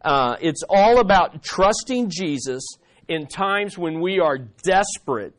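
A pastor delivers a sermon with a notably high-pitched voice. He tells stories in a lively, conversational way and speaks directly to his congregation. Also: slow. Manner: animated storytelling preacher.

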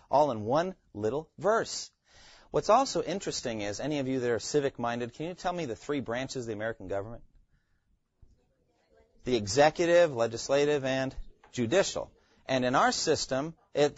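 A man's voice: medium pitch, dry recording, highs cut off. A man teaching a Bible class, quizzing his students and repeating key phrases.

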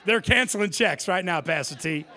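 High, animated male preacher. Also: moderate pace. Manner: animated, joking, self-mocking. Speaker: guest preacher. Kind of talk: humorous sermon storytelling.

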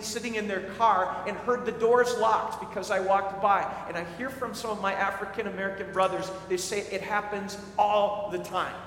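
Earnest pastor guy, highish voice, stumbles on repeats, church hall echo. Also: a bit bright, slight background noise. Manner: earnest, repeats words when starting sentences. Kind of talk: sermon. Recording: echoey hall with faint ambience.

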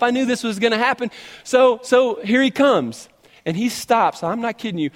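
Brief: high-pitched male pastor, animated and humorous, echoing church hall. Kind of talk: sermon storytelling.

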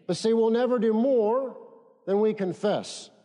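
A man's voice: high voice, unhurried, mellow, in a large hall. A man preaching a sermon, leading the congregation to repeat phrases after him. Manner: emphatic, leads congregation in call-and-response. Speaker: pastor.

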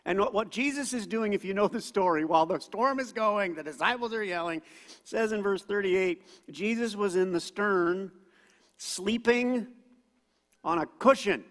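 A man preaching a sermon as pastor, animated and acting out quoted voices loudly. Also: sits high, moderate pace. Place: church auditorium. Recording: long hall reverb.

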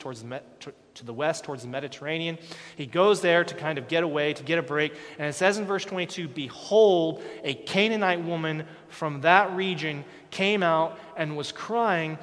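A man preaching a sermon on a Bible passage, swinging from quiet, low passages up to loud, emphatic peaks. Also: in a large hall. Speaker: pastor.

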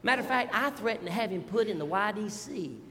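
A middle-aged male pastor, telling family stories in an animated, folksy sermon with asides to the congregation. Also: sits high, fairly quick, big-room sound, slight background noise. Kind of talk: storytelling sermon.

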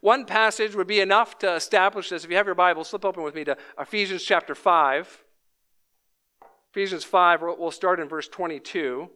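A man in his thirties preaching a sermon as pastor, measured and emphatic, repeating key lines. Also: high voice, sharp tone, clean tone.

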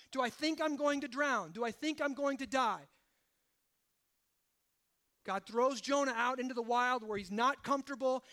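A man preaching a sermon. He swings from hushed, low emphasis to loud, rising exhortation and keeps checking in with "right?". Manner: asks the congregation rhetorical questions, often adding "right?". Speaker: pastor.

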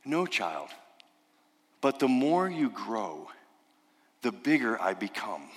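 A man voicing a wise, gentle lion speaking softly and slowly to a child, in a long-reverb church hall. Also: medium pitch, sing-song. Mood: tender.

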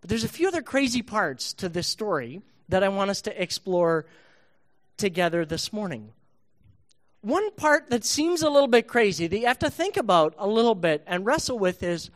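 Animated man telling a children's sermon. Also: high voice. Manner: animated, playful storytelling. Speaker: pastor.

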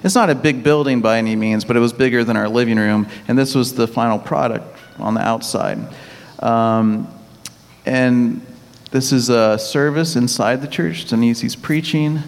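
A missionary pastor from Texas, speaking with a Texan accent and reporting on his church work in a halting way, with many restarts and easy laughs. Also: medium pitch, steady tone. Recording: long hall reverb.

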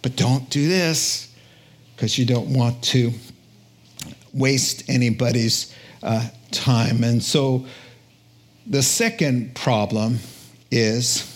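A pastor preaching a sermon in an animated, emphatic, conversational way in a church. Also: male voice, mid-range voice, takes it slowly, pauses often.

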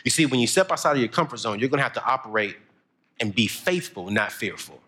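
A young man, preaching a motivational sermon, telling stories and building to shouted emphasis. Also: medium pitch, animated, quick pace.

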